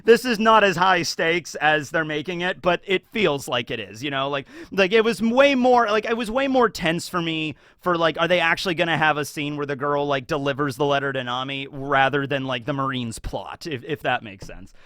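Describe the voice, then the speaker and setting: An excitable man rambles through a casual anime recap, full of fillers and tag questions. His voice sits a bit high and sounds bright and forceful. The recording is dry and close. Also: moderate pace, few pauses, no room sound. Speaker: YouTuber.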